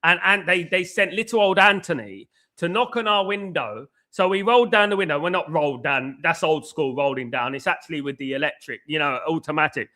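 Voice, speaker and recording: A man's voice: on the high side, brisk, hardly any pauses, bright, forceful tone. A man hosting a live football watchalong from indoors at home, chatting in a loose, rambling way and often repeating "guys, absolutely". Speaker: livestream host.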